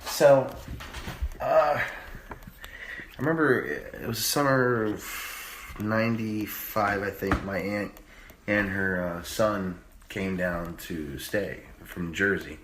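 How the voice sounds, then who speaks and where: A man in his thirties telling a long story in casual chat, rambling and profane, with sudden high-pitched bursts when he mimics others. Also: slow pace, fairly bright tone. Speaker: podcast co-host. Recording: echoey room with faint noise.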